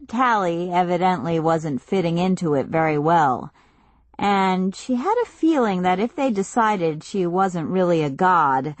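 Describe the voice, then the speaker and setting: A woman narrating a novel in a measured, even storytelling manner, close to the mic. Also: fairly low pitch, no echo. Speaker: audiobook narrator. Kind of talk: scripted narration.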